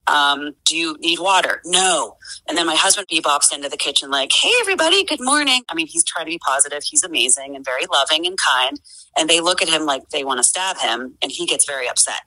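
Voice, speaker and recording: A woman's voice: sits low, a little fast, sharp tone, poor audio. A woman in her forties talking earnestly as a podcast guest, with many fillers and restarts. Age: 40s. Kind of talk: casual conversation.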